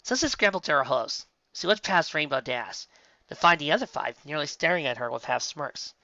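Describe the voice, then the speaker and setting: Casting: expressive fan fiction narrator, lively and bright, small slips left in. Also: mid-range voice, moderate pace, no room sound, muffled recording. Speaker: audiobook reader. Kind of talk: reading fan fiction aloud.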